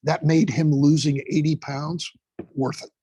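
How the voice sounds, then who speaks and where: A man's voice: fairly high pitch, flat delivery, unhurried, warm tone, breathy edge, no echo, rough recording. A man, an instructor and guest, telling stories in a casual interview, emphatic and swearing freely.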